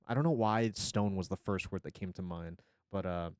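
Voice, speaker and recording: A man's voice: lowish voice, very animated, brisk, darkish tone, no room sound, studio quality. A man in his forties streaming casually, rambling and joking with chat and swearing freely. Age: 40s. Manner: rambling, profane, jokey, reacting to chat.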